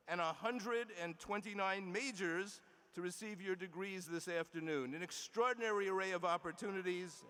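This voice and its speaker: A man delivering a formal commencement address from a podium in a large indoor arena, measured and emphatic, with small restarts and asides. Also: sits high, bright, forceful tone. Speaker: university leader giving commencement address. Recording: long arena reverb.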